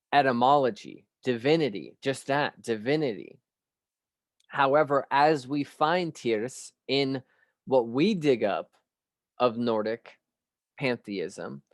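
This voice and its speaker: A male lecturer talks through a reflective study session at a slow, unhurried pace, musing aloud and posing rhetorical questions. His voice sits at an ordinary middle pitch. The recording is dry and close, with no room echo. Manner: measured and musing, with frequent pauses and rhetorical questions; clears his throat now and then. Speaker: spiritual studies lecturer.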